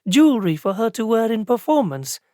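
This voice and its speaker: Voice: medium pitch, sing-song, brisk, dry recording, clean studio sound, pitched above the performer's own voice, natural voice. A narrator voicing a nervous, earnest young woman clerk who fights back tears. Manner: earnest, tearful, soft.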